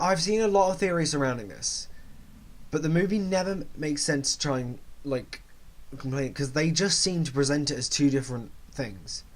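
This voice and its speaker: A man giving a casual, rambling movie review, often correcting himself mid-sentence. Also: on the high side. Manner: rambling, self-correcting, chatty.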